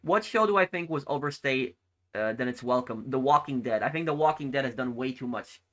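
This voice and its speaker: A man's voice: medium pitch, animated, fairly quick, a bit bright. A man live-streaming a video game, casually reading viewer comments aloud and answering them in a rambling, friendly way. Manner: rambling, friendly, with frequent restarts.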